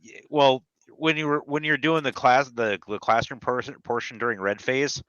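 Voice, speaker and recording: A man's voice: mid-range voice, moderate pace, a bit bright, smooth, lo-fi sound. A man in casual chat on a talk show, recounting details in a plain, matter-of-fact way.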